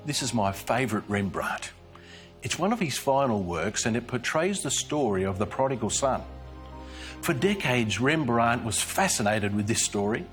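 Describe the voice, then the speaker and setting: A man delivers a scripted devotional talk in an earnest, measured storytelling way. His pitch sits in the middle of the male range but moves freely and expressively. Soft music plays faintly underneath him. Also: lively intonation. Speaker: Christian speaker.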